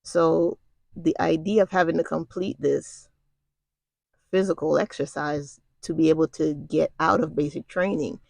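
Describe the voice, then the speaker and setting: Middle-aged woman, casual storyteller: raspy low edge, colloquial and confiding, dry close recording. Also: fairly even intonation, a little slow, a little mellow, no room sound. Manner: conversational and colloquial, with frequent asides to the listener. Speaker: storyteller recounting military basic training.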